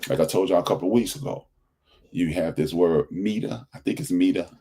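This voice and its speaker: A man's voice: deep voice, brisk, dark tone. A man hosting a podcast, talking in an emphatic, preachy way and repeating phrases for stress. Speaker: podcast host. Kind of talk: casual commentary monologue.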